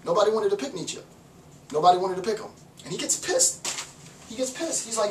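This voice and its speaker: Animated male lecturer in an echoey room. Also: high-pitched, brisk, pauses often, slight background noise. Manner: animated, repeats words, acts out little voices. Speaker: philosophy lecturer. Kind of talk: informal lecture. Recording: roomy echo, mic far off.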